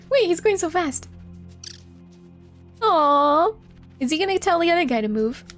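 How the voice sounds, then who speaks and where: High-voiced giggly woman streamer. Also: sing-song, a little slow, faint music behind. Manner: giggly, chatty, thanks viewers by name. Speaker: live streamer. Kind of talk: live gameplay commentary.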